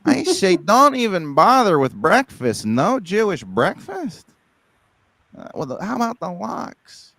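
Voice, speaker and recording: A man with a somewhat high, gravelly voice improvises comedy bits on a podcast. His pitch leaps around as he jumps between characters. The sound is dry and close. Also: big pitch swings, fairly bright tone, dry recording. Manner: rapid riffing, breaks into laughter, slips into character voices.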